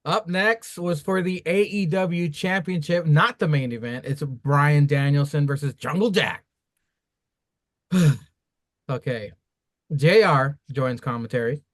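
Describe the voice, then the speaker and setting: A man's voice: a little high, unhurried, no room sound. Man recapping matches, dry-sounding mic. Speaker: podcast host. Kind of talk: podcast recap.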